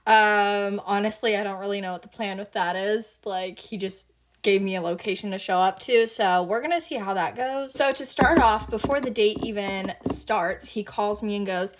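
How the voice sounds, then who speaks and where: A woman vlogger telling a date story in a chatty, animated way, full of "like" fillers. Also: mid-range voice, moderate pace. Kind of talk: casual storytime chat.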